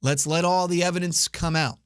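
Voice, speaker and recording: A man's voice: fairly high pitch, fairly even intonation, brisk, smooth, no room sound, studio quality. A young man hosting his own podcast, giving opinionated solo news commentary with many "uh" fillers. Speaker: podcast host.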